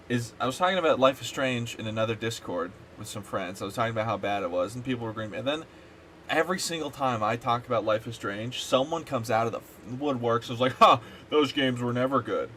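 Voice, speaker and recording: A man's voice: medium pitch, a bit bright, a little hiss or hum. A man streaming a game, chatting casually and ranting animatedly with plenty of swearing. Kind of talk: casual gaming stream chat.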